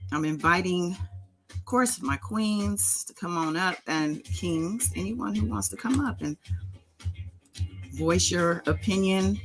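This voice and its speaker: A woman hosts a relaxed live stream, drawing out her words in a slow, sing-songy way as she greets viewers by name. Her voice sits a little low. Faint music plays underneath. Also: rough recording. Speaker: livestream host. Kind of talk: casual live chat.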